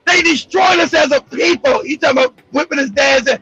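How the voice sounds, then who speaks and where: Brash LA man hosting, gravelly, loud, swearing, laughing through his stories. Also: very high voice, fairly quick, lo-fi sound. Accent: Los Angeles. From Los Angeles. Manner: profane, animated, laughs often, loud outbursts. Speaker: show host. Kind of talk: storytelling monologue.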